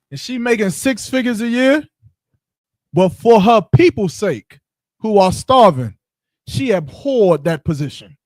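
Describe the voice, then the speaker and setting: A man's voice: high voice, a little mellow, no room sound. A man teaching scripture in short punchy lines, asking rhetorical questions and directing a reader between verses. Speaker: Bible teacher. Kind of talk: street-style scripture teaching.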